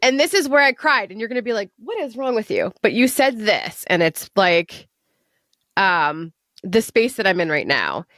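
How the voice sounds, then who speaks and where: A woman host chats in a loose, heartfelt way and often sounds near tears. Her voice is mid-pitched and close to the mic in a dry, dead room, with no echo at all. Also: animated, normal speed, fairly bright tone. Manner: emotional, gushing, close to tears. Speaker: podcast host. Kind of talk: casual interview chat.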